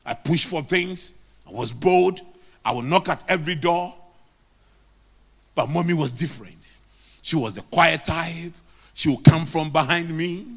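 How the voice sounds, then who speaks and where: High-pitched emphatic Ghanaian preacher, a man. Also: unhurried, long pauses. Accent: Ghanaian English. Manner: emphatic preaching with repeated lines. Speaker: pastor. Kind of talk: sermon.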